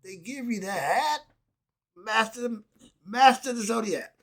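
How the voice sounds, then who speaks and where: A man's voice: high voice, animated, slow pace. A man, delivering an emphatic, casual monologue full of rhetorical questions and short laughs. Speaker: philosophy vlogger.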